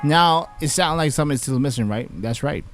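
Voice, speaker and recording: A man's voice: a little high, fairly quick. A man, a music producer talking casually through a beat-making tutorial with lots of fillers. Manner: relaxed, chatty, many fillers. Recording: music playing behind the voice.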